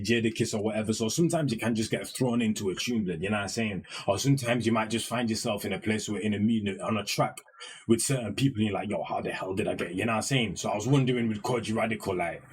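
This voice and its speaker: A man's voice: lowish voice, quick pace, slight background noise. A young man, hosting a music reaction video in casual, slang-heavy talk that keeps checking in with the listener. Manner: slang-heavy, keeps asking "you know what I mean".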